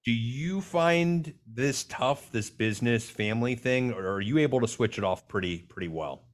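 A man's voice: mid-range voice, animated, moderate pace. A man guest on an interview podcast, a financial advisor, talking frankly in anecdotes and putting on other people's words as he tells them. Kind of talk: casual conversational interview.

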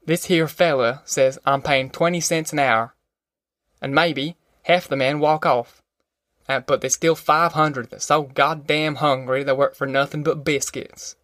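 A man's voice: on the high side, steady tone, measured pace, fairly bright tone, dry recording, clean studio sound. A man doing a sly, bitter ragged drifter. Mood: weary. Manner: sly, mocking giggles turning grim and weary. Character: bitter ragged male migrant, sly, worn down.

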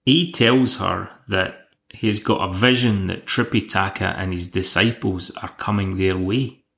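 Guy hosting a podcast, slow and gravelly, dry wry recap. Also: low voice, fairly even intonation, fairly bright tone. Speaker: podcast host. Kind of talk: casual episode review.

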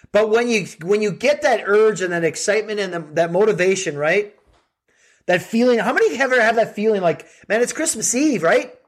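Earnest high-voiced man giving a pep talk. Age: middle-aged. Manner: earnest, preachy, rhetorical questions to listeners. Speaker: podcast host and coach. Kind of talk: motivational talk.

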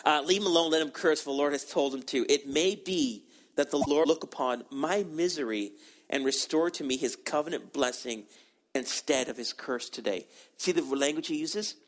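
A man preaching a sermon, animated and conversational, acting out the people in the story and often repeating words as he goes. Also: fairly high pitch, normal speed. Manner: animated, acts out quoted voices, repeats words.

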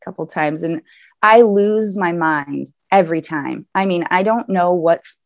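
Laughing, animated woman telling stories. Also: lowish voice, unhurried, dry recording, clean studio sound. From American South. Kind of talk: casual chat, storytelling.

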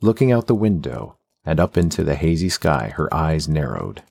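A man narrating a fantasy audiobook with a steady, even storytelling delivery. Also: a bass voice, moderate pace, gravelly, husky, no room sound.

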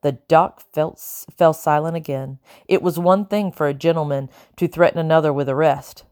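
Low-voiced woman narrating an audiobook. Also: dark tone, no echo, clean studio sound. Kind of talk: scripted narration.

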